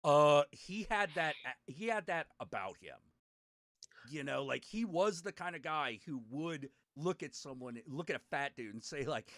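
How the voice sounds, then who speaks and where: Animated, bright-voiced man telling stories. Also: on the high side, unhurried, dry recording, studio quality. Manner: animated, swearing, laughing storyteller. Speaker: podcast host. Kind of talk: casual storytelling chat.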